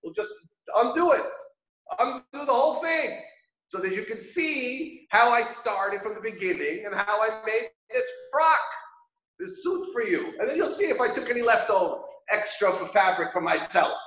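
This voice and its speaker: A man's voice: sits high, expressive, moderate pace, a bit bright, voice pushed up. A man voicing a defensive, exasperated tailor who insists on proving his honesty. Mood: insistent. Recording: echoey room.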